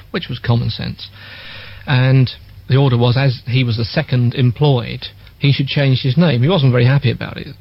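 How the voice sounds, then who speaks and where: Older English man, husky voice, animated storytelling, dry dull-sounding recording. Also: medium pitch, dry recording. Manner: animated anecdotes, acts out quoted voices. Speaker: former radio DJ interviewee. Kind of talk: reminiscing storytelling.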